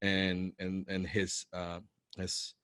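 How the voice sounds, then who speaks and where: A man telling a personal story to an audience, excitable and swearing freely, full of restarts and "right?" tags. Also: low-pitched, slow, smooth, no room sound, studio quality. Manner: restarts and repeats words often. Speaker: motivational speaker telling his story. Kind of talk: animated storytelling talk.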